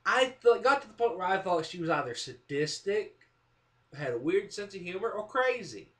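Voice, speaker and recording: Animated man telling a comic story. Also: high voice, normal speed. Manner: animated, self-mocking, acts out quotes. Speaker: vlogger. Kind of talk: casual storytelling monologue.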